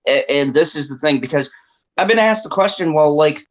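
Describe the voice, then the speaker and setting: A man's voice: on the high side, lively intonation, brisk, low-quality recording. A man talking at length in a casual online group chat, earnest and thoughtful.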